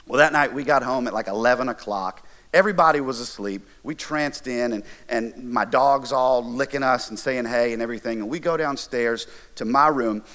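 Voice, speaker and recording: Middle-aged man, casual storytelling preacher, mid-pitched and animated. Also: normal speed, few pauses. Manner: animated, conversational, jokey asides. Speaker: college ministry pastor. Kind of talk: storytelling sermon.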